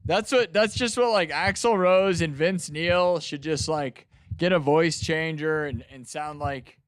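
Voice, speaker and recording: A man's voice: on the high side, unhurried, clean tone, dry recording. A man hosting a music livestream in casual chat, laid-back and calling his viewers dudes and bro, his throat a little strained from screaming. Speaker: livestream host and improv musician.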